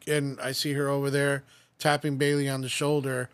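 A man's voice: mid-range voice, flat delivery, fairly quick, clear, resonant tone. Rambling, filler-heavy male podcast host. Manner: rambling storyteller, lots of fillers and swearing. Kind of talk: casual podcast chat.

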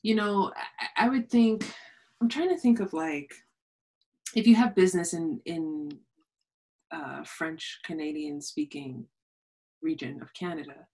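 Woman podcast host, low voice, thinks out loud, lots of likes and you knows. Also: unhurried, long pauses. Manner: thoughtful, hesitant, many fillers. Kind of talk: casual interview chat.

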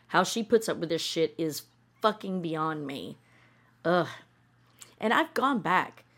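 A woman hosting a podcast, giving a blunt, exasperated reaction to a TV episode, swearing often. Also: on the low side. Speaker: podcast host reacting to a TV show. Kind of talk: ranting reaction commentary.

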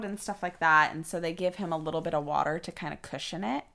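A woman's voice: on the low side, fairly quick, gravelly. A young adult woman casually telling a story as a podcast host, filling it with fillers and acted-out quotes. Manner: animated, acts out quoted voices, many fillers.

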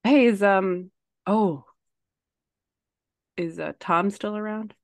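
A woman's voice: medium pitch, slow pace, no echo. A woman co-hosting a podcast as a social worker and mom, chatting casually and rambling with self-deprecating asides. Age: young to middle-aged mom. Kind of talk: casual chat.

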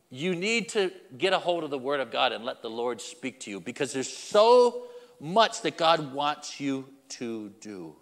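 A man's voice: on the high side, fairly bright tone, long reverb tail. A man preaching a sermon as pastor, emphatic and repetitive, speaking directly to the congregation.

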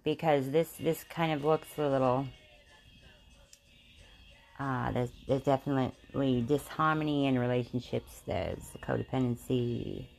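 A woman's voice: very deep voice, measured pace, creaky, darkish tone, soft background music. A woman giving a casual tarot reading, swearing and laughing as she rambles with many fillers. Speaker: tarot reader.

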